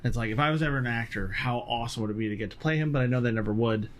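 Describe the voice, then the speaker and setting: A man's voice: mid-range voice, racing. A man co-hosting a casual movie podcast, talking in a rambling, chatty way and laughing often. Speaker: podcast co-host. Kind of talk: casual chat about movies.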